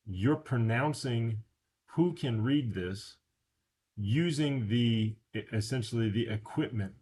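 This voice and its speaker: A man's voice: medium pitch, a little mellow, slight background noise. A man teaching a beginner language lesson from slides, repeating words for practice. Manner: repeats words slowly for drilling.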